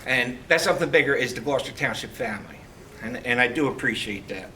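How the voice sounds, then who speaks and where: A middle-aged man giving a heartfelt farewell speech as a retiring police lieutenant, telling stories with halting restarts. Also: medium pitch, expressive, pushed and bright. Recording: distant mic, faint background noise.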